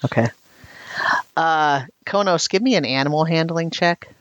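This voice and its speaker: A woman's voice: deep voice, normal speed, dull audio, slight background noise. A woman narrating a tabletop role-playing game as game master, describing scenes at length and laughing often.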